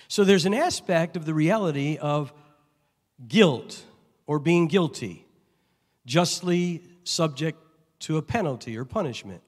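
A middle-aged pastor from Chicago preaches in a slightly high voice. His words ring out with long reverb through a big church hall. He tells stories, acts out the dialogue and swings from loud bursts to near hushes. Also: animated, a little slow. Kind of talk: sermon.

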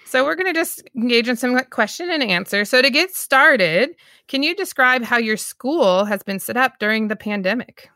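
A woman's voice: a little high, animated, moderate pace, pushed and bright, dry recording, studio quality. A woman hosting a podcast, giving a cheerful, chatty introduction and asking questions, laughing easily. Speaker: podcast host. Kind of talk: upbeat podcast interview introduction.

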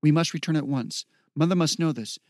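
A man's voice: fairly high pitch, animated, fairly quick, no echo, studio quality, lightly acted. A proud young warrior woman out of a storybook, voiced by a man. She talks in a commanding, intense way, with clipped, serious words. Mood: urgent.

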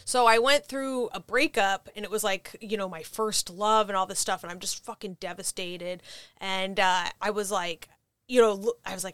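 A woman's voice: medium pitch, fairly even intonation, normal speed, a bit bright, smooth, no room sound. A woman comedian telling a story as a podcast guest, rambling and swearing, packed with fillers. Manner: rambling, filler-heavy and profane.

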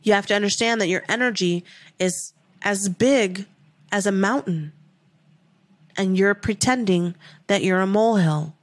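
A woman's voice: medium pitch, measured pace, no room sound. A woman hosting a manifestation podcast, speaking in an emphatic, repetitive, heartfelt way and swearing casually. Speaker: podcast host, manifestation coach. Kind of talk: motivational podcast talk.

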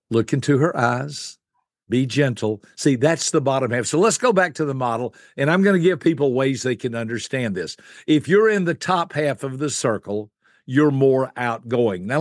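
An older man, a guest expert, explaining personality types in an animated teaching style, acting out quick voices. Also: medium pitch, no room sound, studio quality.

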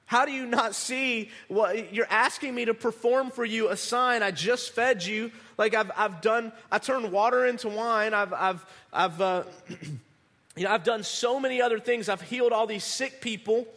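A man preaching a conversational sermon, animated, restarting words and acting out the people he quotes. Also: high voice, normal speed, big-room sound. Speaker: pastor.

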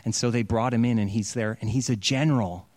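A man's voice: medium pitch, fairly quick, darkish tone, no room sound. A man preaching, animatedly retelling a story and acting out its quotes in a casual sermon style. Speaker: pastor.

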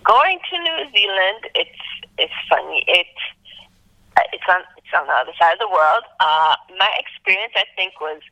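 A woman's voice: normal speed, no room sound, muffled recording. A young woman from Antigua, a travel blogger telling her story as an interview guest and acting out what people said to her. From Antigua, Caribbean. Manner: lively, acts out quoted speech with big jumps in pitch.

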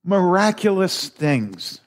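A man's voice: sits high, sing-song, takes it slowly. A middle-aged man giving a conversational, folksy sermon as a lay preacher, rambling a little and chuckling between thoughts. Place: church sanctuary.

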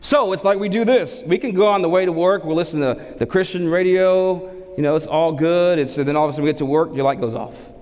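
A man preaching a sermon as pastor, animated, asking rhetorical questions and repeating words for emphasis. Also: a little high, fast. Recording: long hall reverb.

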